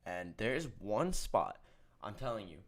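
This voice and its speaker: Lively easygoing male co-host. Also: on the low side, a little slow. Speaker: sports show co-host. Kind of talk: casual chat.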